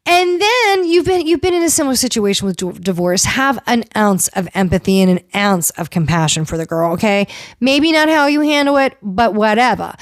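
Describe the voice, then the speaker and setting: Woman podcast host, casual recap chat; frank, opinionated, scolds people directly; fairly high pitch, dry close sound. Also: no room sound. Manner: blunt, opinionated and swearing freely; addresses the cast members directly, as if scolding them. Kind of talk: casual reality-TV recap commentary.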